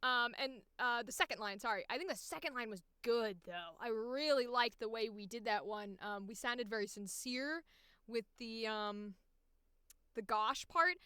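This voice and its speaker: Giggly high-voiced woman streamer. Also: pushed and bright, smooth, no echo, clean studio sound. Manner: giggly, bursts into squealing laughs. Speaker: voice actor streaming auditions. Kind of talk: casual live-stream chat.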